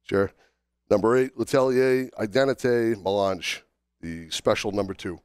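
A man with a lowish, smooth voice, talking casually while under the weather from a cold. He stops often to fill gaps as he works through a list. The sound is dry and close. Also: no room sound. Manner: halting, many fillers and restarts while listing. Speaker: podcast co-host. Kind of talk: casual podcast chat.

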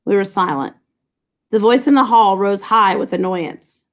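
A woman's voice: mid-range voice, unhurried. Woman teacher reading and explaining. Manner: casual, chatty asides to students. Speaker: English teacher. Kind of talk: reading a novel aloud and explaining it.

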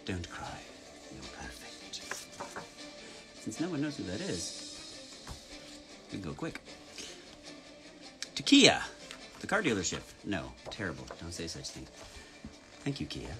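A man's voice: deep voice, huge pitch swings, a little slow, long pauses, over music. A man chatting casually on a live stream, reading out fans' names, spelling them, and signing orders in a playful way.

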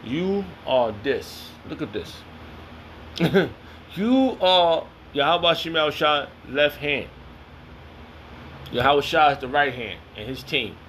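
A man's voice: a little high, expressive, slow, pauses often, a bit bright, slight background noise. A man reading scripture aloud and commenting on it in a heated, confrontational, slangy way. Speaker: self-styled preacher.

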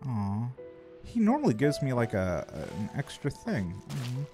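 A man's voice: mid-range voice, wildly swooping pitch, unhurried, music in the background. A man chatting casually on a live game stream, playful and joking, swearing freely. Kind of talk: casual live-stream chat while gaming.

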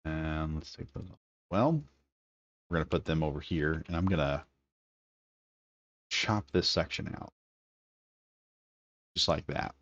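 A man's voice: a bass voice, measured pace, long pauses, a bit bright, no echo, muffled recording. A man giving casual, enthusiastic gameplay commentary, thinking aloud as he builds. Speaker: gaming video creator.

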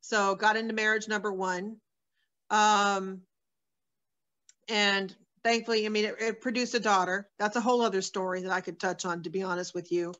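A woman's voice: mid-range voice, steady tone, moderate pace, a bit bright. A woman sharing her personal testimony as a guest, in a candid, earnest storytelling manner with many fillers.

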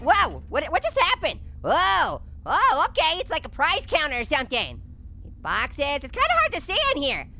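A man voicing a hyper, wisecracking male talking orange who hosts a cartoon gaming let's-play, with punning, jumpy, giggly commentary and a squeaky voice. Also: sharp tone, a little hiss or hum, full character voice. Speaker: gaming host.

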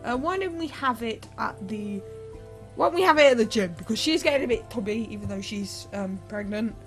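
A woman giving chatty, excitable Let's Play commentary into a desktop mic, breaking into sudden shrieks and humming. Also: on the high side, brisk, soft background music.

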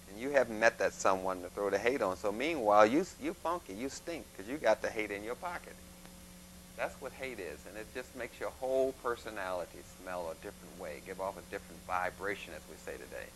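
A man giving a plain, instructive lecture, with folksy images and a halting delivery. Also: lowish voice, rough recording. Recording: faint mains hum.

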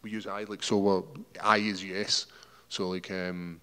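A man's voice: sits low, flat delivery, unhurried, pushed and bright, clean tone. Scottish man rambling in an echoey hall. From Scotland. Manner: rambling, repeats words, self-deprecating. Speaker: fighter. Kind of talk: media day interview.

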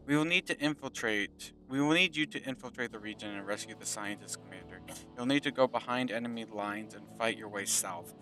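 A man's voice: fairly low pitch, fast. A man giving casual gameplay commentary, joking and stumbling as he reads tutorial text aloud. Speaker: gaming video host. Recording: with loud game music behind.

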